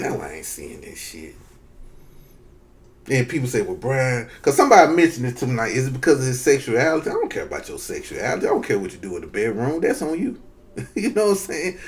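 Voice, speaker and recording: Casual Southern man ranting to camera. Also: medium pitch. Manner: loose, conversational, profane, addresses viewers as y'all. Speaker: vlogger giving opinions. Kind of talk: casual opinion rant.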